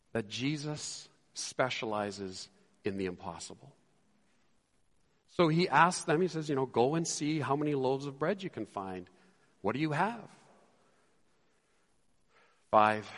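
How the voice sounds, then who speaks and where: A man preaching a sermon as a pastor, animated and acting out the disciples' lines. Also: medium pitch, moderate pace, pauses often, long reverb tail.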